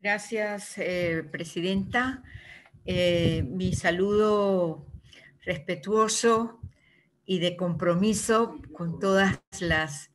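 A woman commissioner giving a formal, measured statement at a hearing over a video call, with small hesitations. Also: lowish voice, slight background noise, low-quality recording.

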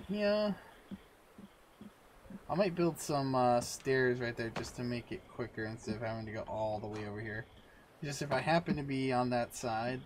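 A man's voice: mid-range voice, background noise. A man hosting a let's-play video, chatting casually to viewers and himself while he plays. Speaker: gaming video host.

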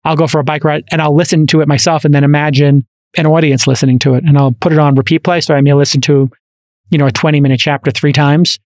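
A man with a Brooklyn accent hosts a podcast conversation, his voice sitting a touch high. He talks in an animated, rambling way, full of fillers and restarts. The sound is close and dry, from a studio microphone. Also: fast talker, dry recording. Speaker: podcast host. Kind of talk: casual interview chat.

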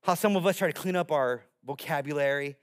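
High-voiced man preaching a sermon. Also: a little fast, clean tone. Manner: animated storytelling with playful character voices. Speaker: pastor.

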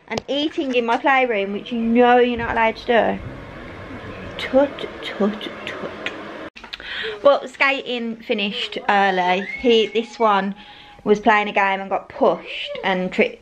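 A chatty woman talks casually to camera in a family home vlog, teasing herself and laughing often. Her voice has a gravelly, creaky edge. The camera audio carries plenty of background noise. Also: mid-range voice, rough recording. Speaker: family vlogger, mother. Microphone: compact camera's built-in mic.

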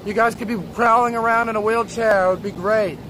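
A man's voice: sits high, fairly even intonation, brisk. A young man livestreaming outdoors on a city street, brash and crude as he teases strangers. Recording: loud street and traffic noise.

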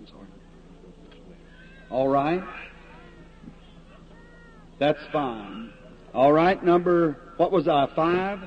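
A man preaching a revival sermon and calling people up for prayer, in a folksy, plain-spoken, earnest way. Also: fairly high pitch. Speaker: evangelist preacher. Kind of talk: old-time revival sermon and prayer line. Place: large meeting hall before an audience. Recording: dull lo-fi archival tape with faint hiss.

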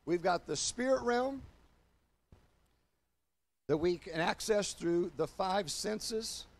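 Older male pastor, high-pitched, emphatic sermon delivery that drops low and slow for key points. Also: animated, vocal fry. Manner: emphatic preaching, swinging from loud declarations to low, slow confiding; addresses congregation and online viewers directly.

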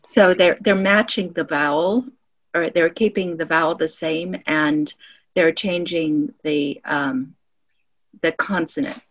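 A woman host asks analytical questions about sounds and grammar, curious and precise. Her lowish voice comes through muffled, lo-fi video call audio. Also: slow pace. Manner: curious, analytical, uses linguistics terms. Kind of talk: interview chat.

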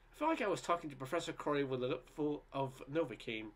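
A man's voice: on the high side, animated, fast, few pauses. A man from Canada reading a humorous essay aloud, with frequent restarts and fillers. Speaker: reader.

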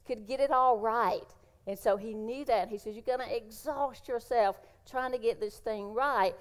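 A woman's voice: fairly high pitch, darkish tone. Earnest woman preaching. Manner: earnest, emotional, repeats phrases for emphasis. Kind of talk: sermon. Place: church.

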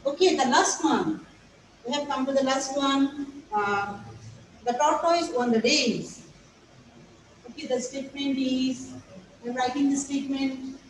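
A native Bengali speaker with a Bangladeshi English accent teaches young pupils an English grammar lesson, patiently repeating each step. Her voice sits high and unhurried with frequent pauses, recorded far from the mic in an echoey room with slight background noise.

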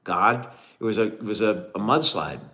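A man's voice: on the low side, expressive, moderate pace, sharp tone. A middle-aged man co-hosting a casual livestream, telling a family story and thanking viewers. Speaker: livestream co-host.

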